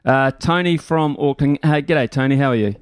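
Smooth-voiced male talkback radio host. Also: mid-range voice, normal speed, no room sound. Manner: relaxed, chatty, frequent fillers. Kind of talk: talkback radio chat with callers.

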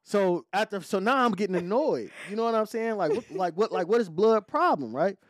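A podcast host from spins a story in loose, slang-heavy, profane chat. His voice sits a little higher than most men's. The sound is dry and close, with almost no room around it. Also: fairly quick, no echo. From Detroit.

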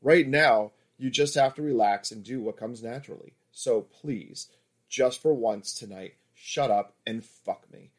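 A man's voice: mid-range voice, measured pace, natural voice. A man voicing a confident, seductive, experienced woman lover in an erotic audiobook, in a teasing, coaxing manner.

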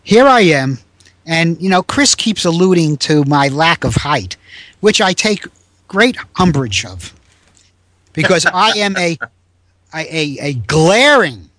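Older man, 70s, lively storyteller, fairly high voice, dry close sound. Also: slow pace, no room sound. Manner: animated, raises pitch to act out quoted people. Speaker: guest, former teacher. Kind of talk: storytelling in a conversation.

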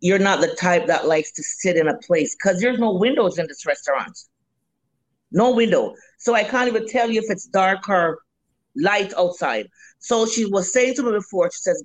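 A Jamaican woman in her fifties talks about her cooking in a relaxed interview. She tells her stories with gusto, slips into other people's voices and curses casually. Her pitch sits in an ordinary middle range. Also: no room sound, poor audio. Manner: animated storyteller, acts out customers' voices, swears freely. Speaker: restaurant owner and cook.

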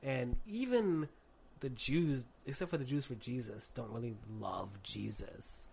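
A man hosting a casual comedy podcast, his pitch swinging widely as he jokes and laughs. A faint hiss of background noise sits under the voice. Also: unhurried, creaky. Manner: joking, laughs often, lively. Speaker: podcast host.

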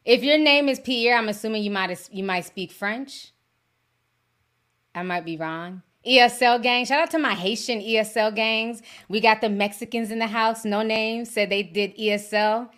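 A woman whose first language is Yoruba hosts her livestream podcast with a bright, forceful tone. She chats casually and animatedly, dropping slangy asides, laughing often, and reading out viewer super chats at an average pitch. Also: clean tone.

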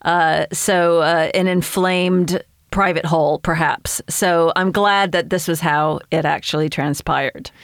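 A woman's voice: on the low side, fairly even intonation, measured pace, hardly any pauses, dry recording, studio quality. A woman co-hosting a podcast, teasing and laughing often. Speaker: podcast co-host. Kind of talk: casual podcast chat.

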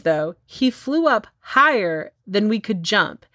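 A chatty young woman tells a story on a casual podcast, laughing often. Her voice sits at a medium pitch and sounds dry and close to the mic. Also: big pitch swings, takes it slowly, bright, forceful tone, no echo. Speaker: podcast co-host. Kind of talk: casual chat, retelling a story.

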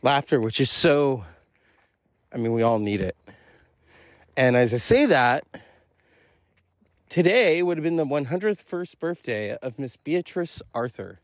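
A man's voice: mid-range voice, lively intonation, unhurried, long pauses, no echo. A man rambling through a casual, self-recorded solo monologue, chuckling often and swearing freely. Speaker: podcast host. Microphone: self-recorded voice message.

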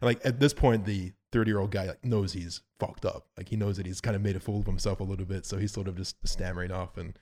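A man's voice: fairly low pitch, very animated, fairly quick, hardly any pauses, crowd noise. A man telling a story on a podcast in a laid-back, rambling, swearing way. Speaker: podcast co-host. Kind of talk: casual storytelling chat.

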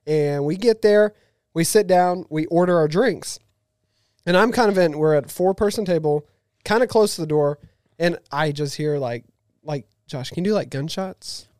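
A man guest on a podcast, telling a story in a lively, fast-paced way. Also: a little high, clear, resonant tone, no echo, clean studio sound. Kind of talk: casual storytelling.

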